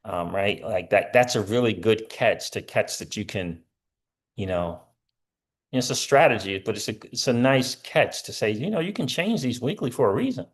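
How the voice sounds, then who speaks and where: A man's voice: fairly low pitch, animated, normal speed. A middle-aged man hosting a casual crypto livestream, rambling with lots of fillers and answering viewer comments.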